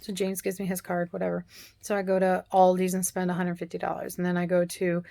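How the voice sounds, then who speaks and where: A woman's voice: on the low side, completely flat delivery, quick pace, vocal fry, mellow. A middle-aged woman, rambling through a casual story and acting out the other people in it. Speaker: cooking channel host.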